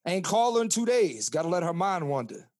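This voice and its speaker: A man's voice: high voice, fairly quick, no echo, clean studio sound. A man in his thirties from Philadelphia, co-hosting a podcast in loose, profane, preachy chat. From Philadelphia, Pennsylvania. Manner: animated, profane, preachy ranting. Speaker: podcast co-host. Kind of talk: casual chat.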